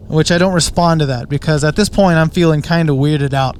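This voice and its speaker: A man's voice: on the high side, brisk, hardly any pauses, a little hiss or hum. A man casually telling a story for his channel, hesitant, with many filler sounds and small chuckles. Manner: hesitant, lots of uh, chuckles at himself. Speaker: channel host.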